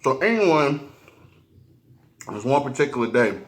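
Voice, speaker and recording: A man's voice: mid-range voice, sing-song. A man telling a personal story while eating on camera, slangy and profane, often stopping and restarting. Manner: halting, restarts a lot. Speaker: mukbang vlogger.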